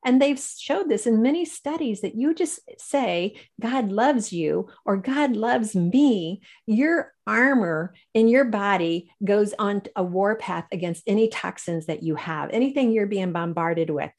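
A woman's voice: medium pitch, lively intonation, moderate pace, few pauses. A woman guest in a faith-based interview, telling her story with animation, laughing often and acting out the people she quotes.

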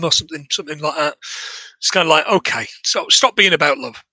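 A high, very bright English man talks through a movie's plot in casual podcast chat. He is lively and chatty, laughing as he goes, and his voice sits close and dry on the mic. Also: brisk, no echo, poor audio. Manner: chatty, animated retelling with laughs and swearing. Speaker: podcast co-host. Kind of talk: casual film recap chat.

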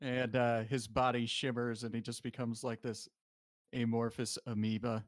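A man's voice: mid-range voice, little pitch movement, moderate pace, no room sound, clean studio sound. A man improvising a starship captain who is secretly a space amoeba. He talks in a rambling, sheepish, hesitant way. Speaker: improv player and scene runner. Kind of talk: improvised sci-fi role-play.

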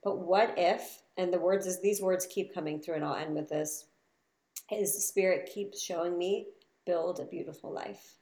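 A woman with a fairly low voice talks casually about her inner life, swinging from soft, slow murmurs to sudden loud, swearing bursts. The room behind her rings with echo. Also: steady tone. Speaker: spiritual teacher and podcast host. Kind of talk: casual reflective monologue.

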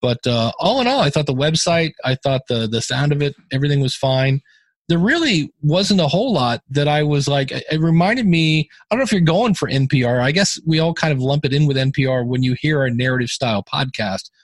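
A man's voice: a little high, lively intonation, brisk, dry recording. A man co-hosting a podcast, giving casual feedback on a show in a rambling way, full of fillers and restarts. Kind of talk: casual chat.

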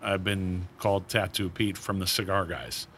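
Lively low-voiced man telling stories. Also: normal speed, slight background noise. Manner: animated storyteller acting out quoted voices. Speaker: cigar brand founder, guest. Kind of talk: casual storytelling interview.

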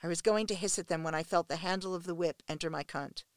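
A woman narrating a first-person erotic story in an intimate, steady reading voice. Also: fairly low pitch, fast talker, no echo. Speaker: audiobook narrator.

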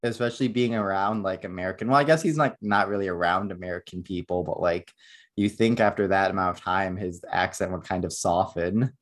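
A man's voice: low voice, fairly even intonation, fairly quick. A man hosting a podcast, talking casually about a film and rambling with many filler words. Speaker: podcast host. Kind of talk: casual chat.

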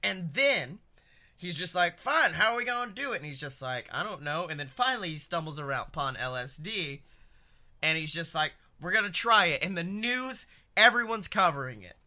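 A man co-hosting a comedy podcast, pitching an absurd story in an excitable, rambling way with heavy swearing. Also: moderate pace. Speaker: podcast co-host.

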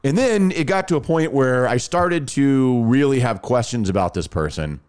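A man's voice: mid-range voice, normal speed, clear, resonant tone. A man in his thirties casually telling a personal story on a podcast, acting out the dialogue. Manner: animated, acts out quoted dialogue.

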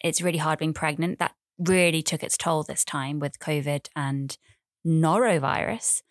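Deep-voiced and measured, a woman in her thirties talks through a relaxed solo podcast episode. Her style is rambling, chatty, and self-deprecating, with repeated phrases, captured in a dry, clean studio recording.

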